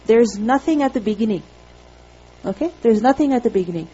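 A woman's voice: on the high side, expressive, brisk, warm tone, slightly rough, muffled recording. A woman teaching a classroom grammar lesson, patient and reassuring, checking in with her students with a frequent "okay?".

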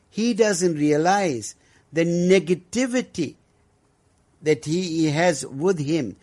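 A man speaking as a guest about education, earnest and measured, with frequent pauses. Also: on the high side, a little mellow. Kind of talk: discussion on education.

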